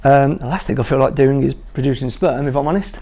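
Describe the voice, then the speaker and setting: A man's voice: medium pitch, brisk, warm tone. A man in his thirties telling a personal story to a training group, jovial and self-deprecating, making light of hard things. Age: 30s. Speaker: guest speaker sharing his patient story.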